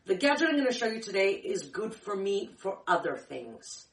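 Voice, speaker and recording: Sing-song and mid-range at a normal speed, this kitchen tips host rambles casually through her demo, often correcting herself. Her throat sounds a bit dry from the candy she's sucking, and the room is echoey with the mic far away.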